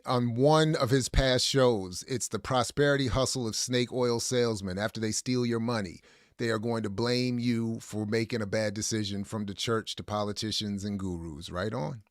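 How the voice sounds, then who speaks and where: A man's voice: medium pitch, moderate pace, clear, resonant tone, no echo, clean studio sound. A man hosting a podcast, joking around and reading out audience comments in a casual chat. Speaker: podcast host.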